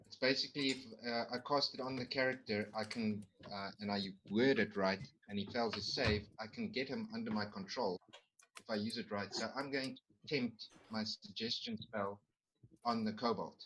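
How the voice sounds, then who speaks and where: A man's voice: lowish voice, moderate pace, noisy background. A man playing a tabletop game, rambling and restarting as he explains the rules. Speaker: player. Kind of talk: casual tabletop game chat.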